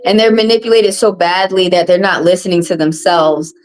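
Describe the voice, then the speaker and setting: A woman's voice: on the low side, fairly even intonation, a little fast, low-quality recording. A woman hosting a tarot live stream, talking bluntly and profanely in a casual monologue and repeating phrases for emphasis.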